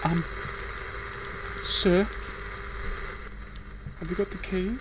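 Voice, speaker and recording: A man's voice: sits high, fairly even intonation, very slow, background noise. A young man, commentating a horror game as he plays, jumpy and swearing at it. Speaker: gaming streamer.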